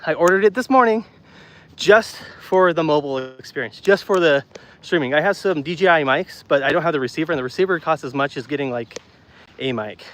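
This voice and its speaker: This man's fairly high, fairly bright voice moves expressively and fairly quickly. He's a streamer on a walking livestream, breathless as he wanders outside, chatting loosely with his live audience, reading their comments and repeating himself. He talks into a phone mic only, with no external microphone.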